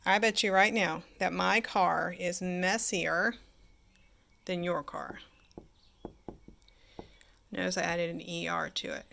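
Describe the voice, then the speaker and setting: A woman's voice: lowish voice, steady tone, slow pace, gravelly, long pauses, fairly bright tone, slight background noise. A woman teacher giving a chatty grammar lesson, asking her class questions and answering them herself.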